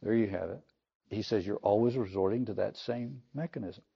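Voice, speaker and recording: A man preaching a sermon on scripture, thoughtful and explanatory, lifting his voice for quoted speech and letting line ends fall low. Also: fairly quick, creaky, husky. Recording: slightly dull lo-fi sound.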